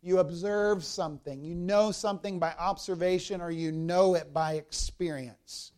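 A man's voice: high-pitched, steady tone, normal speed, a little mellow. A man preaching a sermon as a pastor, explaining a Bible passage verse by verse and speaking directly to the congregation.

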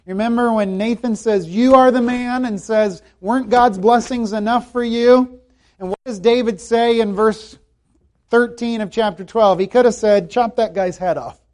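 A man preaches with a fairly high voice, earnest and emphatic. He repeats key phrases for weight and sometimes sinks to a hushed tone when quoting scripture. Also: normal speed. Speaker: pastor. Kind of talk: sermon.

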